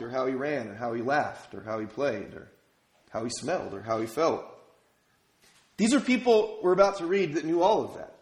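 In an echoey space, a Minnesota man preaches as pastor, sharing stories casually and asking the congregation rhetorical questions. His voice is mid-range with a darkish tone.

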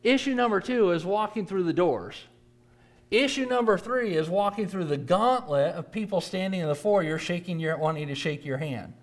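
A man's voice: high-pitched, animated, moderate pace. Man preaching in a plain conversational voice. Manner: conversational, repetitive for emphasis. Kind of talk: church class lesson.

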